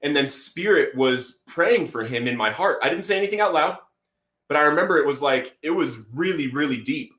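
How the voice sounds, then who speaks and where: A man with a slightly high voice tells his story as a podcast guest. He is animated and acts out what people said. He drops "bro" between phrases, and the room echoes around him. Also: fairly quick. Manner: animated, acts out quotes, says "bro" often. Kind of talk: storytelling testimony.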